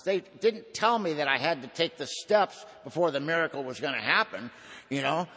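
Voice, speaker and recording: Guy telling his story at a meeting, folksy and slangy, goes loud then real quiet, long echo like a big hall. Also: fairly high pitch, animated, moderate pace, breathy edge. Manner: folksy storytelling, drawling slang, swings between loud and hushed. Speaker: speaker at a recovery meeting. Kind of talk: personal testimony talk.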